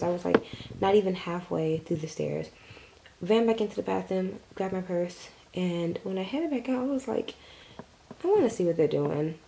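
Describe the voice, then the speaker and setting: Young woman, casual storytime vlog, rambling and filler-heavy, mellow dark tone, slight fry. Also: medium pitch, slight background noise, rough recording. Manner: rambling, filler-heavy retelling with lots of "like" and swearing. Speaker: vlogger. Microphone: camera mic.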